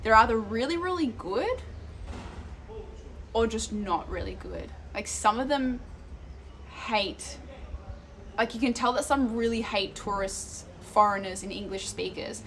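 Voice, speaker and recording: A young Australian woman streaming live, telling stories in a casual, animated way and swearing freely. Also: a little high, unhurried, pauses often, a little hiss or hum.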